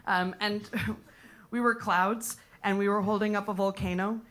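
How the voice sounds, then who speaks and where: A woman's voice: medium pitch, fairly even intonation, a little slow, fairly bright tone, slight background noise. A young American woman performing a rambling, playful stand-up set. She talks straight to the audience and drops into whispered asides. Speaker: comedian and improviser. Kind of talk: stand-up set at a live comedy night.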